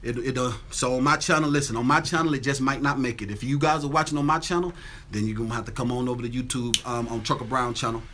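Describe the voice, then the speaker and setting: A man's voice: medium pitch, steady tone, fast talker, sharp tone, slight background noise. A man from Atlanta, hosting a casual livestream from his home on a phone, greeting viewers by name and repeating his catchphrases. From Atlanta, Georgia. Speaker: livestream host. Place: home with windows open.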